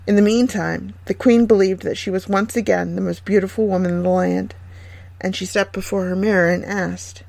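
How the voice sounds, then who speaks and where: A woman reading a fairy tale aloud in a gentle, measured way. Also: medium pitch, fairly even intonation, vocal fry, dry recording. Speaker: storyteller.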